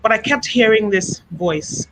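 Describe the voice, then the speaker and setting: A woman from Nigeria telling her personal story as an interview guest over a video call, speaking softly and haltingly with many pauses and fillers. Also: medium pitch, background noise. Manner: soft-spoken, halting, reflective, many "you know" fillers.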